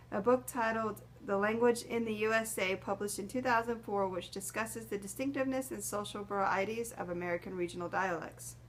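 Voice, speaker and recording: A woman's voice: medium pitch, slight background noise. Woman reading a class presentation. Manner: steady, careful reading of a prepared script. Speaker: student presenter. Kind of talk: read-aloud class presentation.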